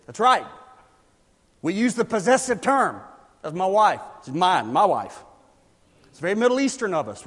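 High-voiced preacher in a reverberant hall. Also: male voice, slightly rough. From South Carolina, US. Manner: animated, rising to loud emphatic bursts. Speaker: pastor. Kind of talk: sermon.

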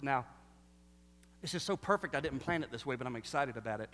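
A man preaching a sermon, animated and full of rhetorical questions, swinging between loud bursts and hushed lines. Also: mid-range voice, normal speed. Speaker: pastor. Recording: long reverb of a large hall.

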